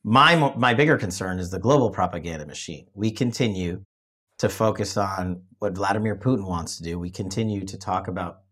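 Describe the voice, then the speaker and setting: Man, host, political discussion, emphatic, husky, low-pitched. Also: a little fast, a bit bright. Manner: emphatic, repeats himself when restarting. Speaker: show host.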